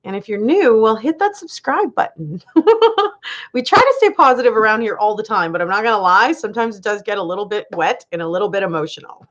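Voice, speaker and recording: Female livestream host, casual chat with viewers, animated delivery, muffled stream audio. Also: medium pitch, brisk. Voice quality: laughs often, chatty and animated. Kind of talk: casual live chat reading comments.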